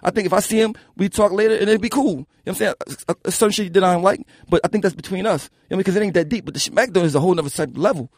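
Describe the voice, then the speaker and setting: Husky fast-talking Philly rapper, a man. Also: sits high, no room sound, studio quality. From Philadelphia. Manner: animated, profane, keeps asking "you know what I'm saying". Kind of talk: casual interview storytelling.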